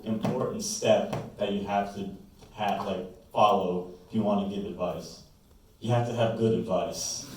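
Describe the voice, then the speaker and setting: Young man rambling through a stand-up set. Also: lowish voice. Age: young adult. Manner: rambling, self-mocking storytelling. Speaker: stand-up comic. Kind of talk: open-mic stand-up set. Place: small comedy room with live audience. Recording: echoey room, far mic, noise.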